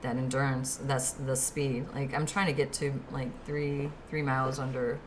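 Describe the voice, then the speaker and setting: A woman host chatting casually, hesitant and halting as she asks questions. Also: very deep voice, little pitch movement, slight background noise. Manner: hesitant, halting, many restarts and fillers. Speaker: podcast host. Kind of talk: casual chat.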